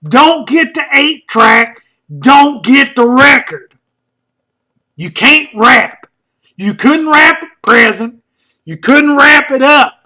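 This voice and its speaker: A man delivering a loud, mocking comedic rant, often shouting and rambling with lots of "uh" fillers. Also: very high voice, lively intonation, takes it slowly. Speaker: comedic commentator.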